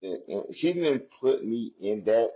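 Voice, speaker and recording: A man's voice: lowish voice, sing-song, a little slow, dark tone, slightly rough, dull audio. A man, a former inmate, speaks candidly and reflectively about his past, in a loose style filled with "you know" and "like". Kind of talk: candid personal storytelling.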